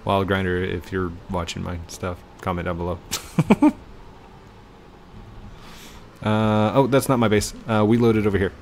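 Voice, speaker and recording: A man hosting a gaming video, commentating in an excitable, rushed and joking manner. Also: low-pitched, slight background noise. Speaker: gaming channel host. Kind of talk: game commentary.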